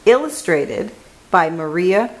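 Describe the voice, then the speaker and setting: A woman hosting a children's reading show, reading a picture book aloud in a gentle, careful way. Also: on the low side, expressive, takes it slowly, a little hiss or hum, poor audio. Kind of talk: storybook read-aloud.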